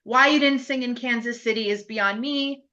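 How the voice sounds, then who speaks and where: A woman co-hosting a casual podcast, her voice bright and a touch high, laughing often as she gushes over a TV episode. The recording sounds a little muffled and lo-fi. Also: normal speed. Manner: laughs often, enthusiastic, lots of agreeing murmurs. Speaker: podcast co-host. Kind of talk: casual TV episode review chat.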